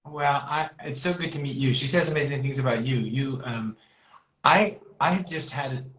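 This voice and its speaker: A man's voice: medium pitch, normal speed, fairly bright tone, echoey room, poor audio. A man being interviewed as a guest musician, earnest with stammering restarts. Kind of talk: casual interview.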